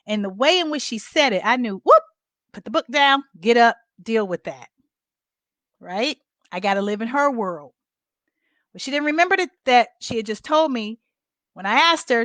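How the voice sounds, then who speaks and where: A woman's voice: fairly high pitch, lively intonation, normal speed, a bit bright, no room sound. A middle-aged woman caregiver candidly telling viewers a personal story in a casual vlog. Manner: candid, conversational, addresses viewers as y'all. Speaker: family caregiver.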